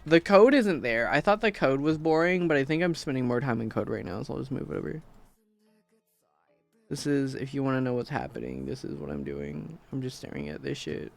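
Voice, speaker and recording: A man's voice: mid-range voice, expressive, brisk, gravelly, soft background music. Rambling, swearing male streamer. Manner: rambling, swears, laughs a lot. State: tired. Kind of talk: casual stream chat.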